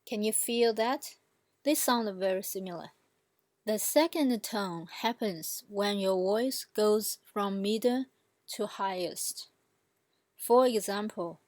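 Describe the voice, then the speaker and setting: Slow, patient woman teaching. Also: medium pitch, darkish tone, dry recording. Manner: patient, demonstrates example words. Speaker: language teacher. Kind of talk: instructional explanation.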